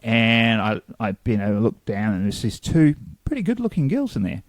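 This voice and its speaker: Casual podcast co-host, man, lively storyteller, dead dry mic. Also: lowish voice, moderate pace, no room sound. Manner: animated storyteller, acts out quotes.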